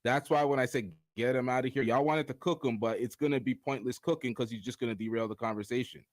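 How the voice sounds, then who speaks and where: A man on a live stream reads comments from the chat aloud and rebuts them in blunt, profane casual talk. His pitch sits in the middle range. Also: fast talker.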